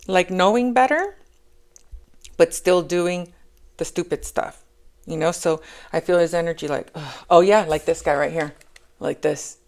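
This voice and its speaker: A woman's voice: lowish voice, a little slow, long pauses, darkish tone. A woman giving a casual spoken tarot reading. She rambles, repeats herself and keeps checking in with "okay?". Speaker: tarot reader.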